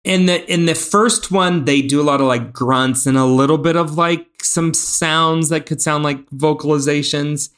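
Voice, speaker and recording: A man's voice: on the high side, normal speed, few pauses, clear, resonant tone. Chatty man reviewing a film. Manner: animated, lots of fillers and restarts. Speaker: podcast co-host. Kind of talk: casual film review chat.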